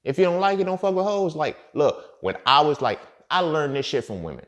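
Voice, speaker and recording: Here the man behind the podcast mic talks fairly fast in a higher-leaning voice with wide pitch swings. His casual, crude rant circles back over the same points, veering from shouted emphasis to hushed mutters.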